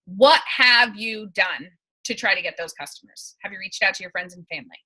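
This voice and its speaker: Brief: bright-voiced young woman, team leader, chatty and emphatic, video-call mic. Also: medium pitch, fairly quick, slightly rough, poor audio. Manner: chatty, emphatic, laughs often. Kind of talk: casual coaching talk on a video call.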